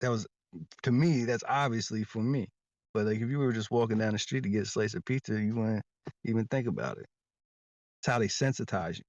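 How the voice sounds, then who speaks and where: Guy rambling on insistently, repeats himself a lot, kinda low voice, muffled dry sound. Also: a little fast, a little mellow, no echo. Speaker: interview guest. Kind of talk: casual storytelling in interview.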